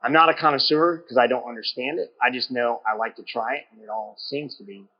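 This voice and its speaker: A man's voice: medium pitch, fast, slightly rough. A chatty male podcast host talks casually in a brewery taproom. He rambles and often restarts his sentences. The recording sounds a little dull. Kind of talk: casual interview chat.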